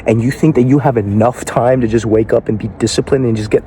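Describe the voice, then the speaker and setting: A man's voice: medium pitch, fairly even intonation, fast talker, hardly any pauses, dark tone, a little hiss or hum. A man giving a motivational speech in a blunt, confrontational way, cursing and firing rhetorical questions at the listener. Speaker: motivational speaker.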